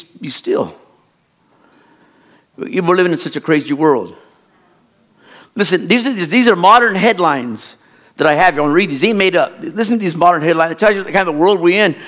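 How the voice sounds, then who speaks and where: A middle-aged man preaching as a pastor tells an animated, folksy story from his childhood that rambles along, his voice on the high side.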